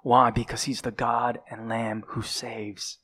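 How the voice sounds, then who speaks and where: A man's voice: medium pitch, flat delivery, slow pace, fairly bright tone. A man preaching a sermon, building dramatic emphasis and sometimes dropping to a whisper, with occasional fillers and self-corrections.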